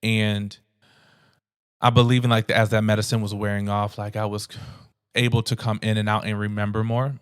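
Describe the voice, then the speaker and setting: A man hosting a podcast, telling his own story in a halting way with many restarts and fillers. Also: on the low side, flat delivery, smooth, dry recording, clean studio sound. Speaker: podcast host. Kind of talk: personal storytelling.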